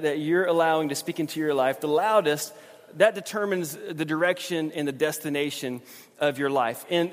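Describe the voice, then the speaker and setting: Male pastor, high-ish voice, self-deprecating and halting, long hall reverb. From southern Alabama. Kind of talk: sermon.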